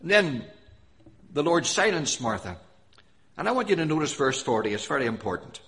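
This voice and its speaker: A man preaching a sermon with earnest emphasis, reading scripture aloud and swinging between loud stressed phrases and soft quiet ones. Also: on the high side, sing-song, moderate pace, pauses often. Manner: reads scripture in King James wording.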